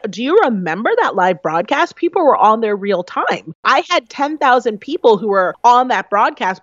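Animated woman guest telling her story. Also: mid-range voice, no echo, lo-fi sound. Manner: animated and expressive, laughs often, acts out quotes. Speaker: podcast guest, business coach. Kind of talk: conversational interview storytelling.

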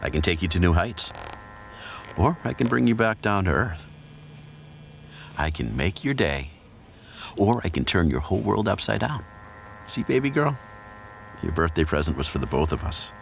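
Very deep, gravelly, teasing male narrator. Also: sing-song, moderate pace, pauses often, slight background noise, rough recording. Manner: low, teasing, murmuring, often slipping into a whisper. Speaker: narrator of an audio story. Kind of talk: intimate erotic role-play narration.

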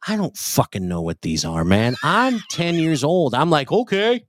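Profane, animated man in his forties. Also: medium pitch, moderate pace. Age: 40s. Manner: profane, animated, acts out other people's lines. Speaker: podcast co-host. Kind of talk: crude comic storytelling.

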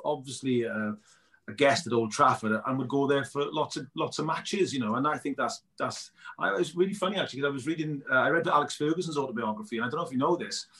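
A man's voice: mid-range voice, fairly bright tone. A man, a documentary filmmaker, chatting as a guest on an interview podcast, telling stories with enthusiasm and many fillers. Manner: enthusiastic storyteller, many "you know" fillers. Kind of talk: casual interview chat.

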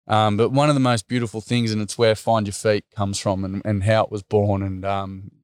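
A middle-aged Australian man telling a heartfelt story in an interview, earnest and halting, with many pauses and restarts. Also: lowish voice, level tone, clear, resonant tone, no room sound. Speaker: workshop facilitator and guest.

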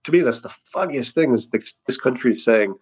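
A man's voice: mid-range voice, expressive, fairly quick, breathy edge, muffled recording. A man who writes satirical news, talking casually in an interview and rambling sarcastically with many restarts. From Canada.

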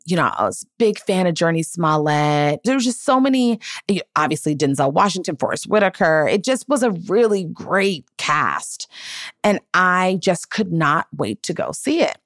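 Low-voiced woman, earnest and heartfelt. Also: dry recording, clean studio sound. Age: 30s. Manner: earnest and emotional, reflective. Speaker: podcast host. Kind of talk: heartfelt personal storytelling.

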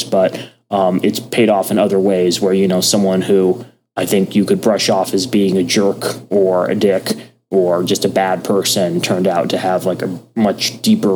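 Soft-spoken man with a low voice. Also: background noise. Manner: soft, drifting into a casual ASMR-like murmur; thoughtful, many ums and restarts. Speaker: podcast co-host. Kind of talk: casual chat, reading from a book.

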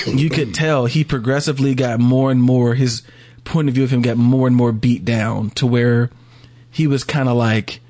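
A man's voice: medium pitch, fairly even intonation, unhurried, a little mellow. A man co-hosting a podcast, chatting casually, rambling and laughing often. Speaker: podcast co-host. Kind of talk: casual chat.

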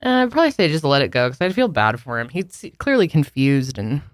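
活泼爱笑的女主持人，语调起伏大. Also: female voice, extremely low pitch, sing-song, brisk, no echo, clean studio sound. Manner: chatty, laughs a lot. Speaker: podcast co-host. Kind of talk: casual chat.

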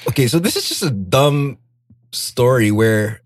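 A man co-hosting a casual podcast, excitable and laughing a lot. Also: medium pitch, unhurried, no room sound, clean studio sound. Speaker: podcast co-host.

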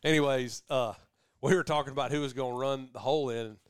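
A middle-aged podcast host rambles through a long story in casual chat, giving animated voices to the people he quotes. His mid-range voice is clean in tone and fast. The studio-quality recording is dry.

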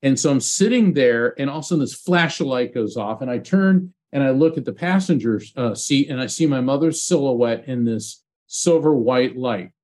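A man's voice: mid-range voice, animated, normal speed, few pauses, darkish tone. A man, a psychic medium being interviewed as a guest, telling a personal story in an earnest, heartfelt way.

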